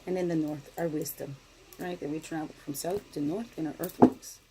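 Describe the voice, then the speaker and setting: A middle-aged woman giving a casual daily spiritual card reading, talking in a gentle, meandering way and often asking "right?". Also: sits low, steady tone, normal speed, slight background noise, low-quality recording.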